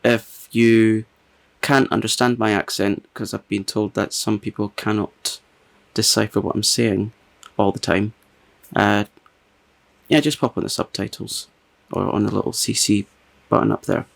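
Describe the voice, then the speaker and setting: A man's voice: fairly low pitch, flat delivery, measured pace, gravelly. A man hosting his own channel, chatting casually and reading a funny review aloud, often breaking into giggles. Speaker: ASMR channel host.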